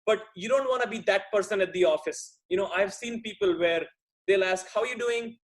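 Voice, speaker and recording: A man's voice: sits high, fairly quick. A middle-aged man from India, a guest speaker, giving a thoughtful, conversational talk with frequent restarts. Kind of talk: talk on workplace relationships.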